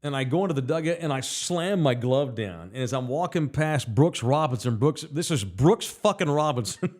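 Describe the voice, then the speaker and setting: A male podcast host with a drawl tells his stories casually and swears freely. His voice sits at an ordinary middle pitch, and he talks with plenty of animation. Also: normal speed. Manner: profane, animated storyteller. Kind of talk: casual storytelling chat.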